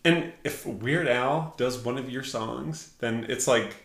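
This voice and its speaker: A man's voice: mid-range voice, takes it slowly, gravelly, a bit bright. Man, middle-aged, podcast co-host, casual chat, hesitant with fillers, roomy echo. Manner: hesitant, many fillers and restarts. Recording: echoey room.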